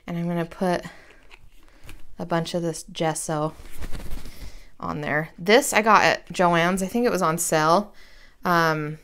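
A woman's voice: lowish voice, fairly even intonation, unhurried, pauses often, a bit bright. A woman in her thirties chatting casually through a crafting tutorial at her home desk, rambling and self-deprecating with slangy asides. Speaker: crafting vlogger.

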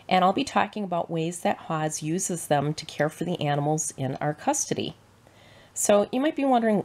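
A woman with a Midwestern American accent giving a clear, measured, scripted presentation as a shelter educator. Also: lowish voice, a little mellow.

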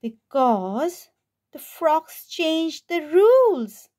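A woman's voice: high voice, sing-song, very slow, darkish tone, pitched above the performer's own voice, heavily acted. A woman voicing a grumpy male cat who sighs and complains, in a children's picture book reading. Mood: grumbling. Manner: sighing, complaining.

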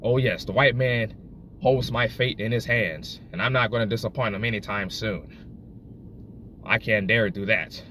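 A man's voice: fairly low pitch, normal speed. A man playing a brash, crude, self-satisfied working man in a comedic character monologue, profane and taunting, recorded on a phone in a car. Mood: boastful. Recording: loud car and road noise.

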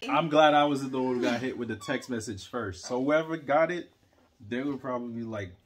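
A man's voice: medium pitch, normal speed, a little hiss or hum. A young adult man co-hosting with his wife, chiming in with laid-back, teasing banter. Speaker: co-host, her husband. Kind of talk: casual chat, teasing interjections.

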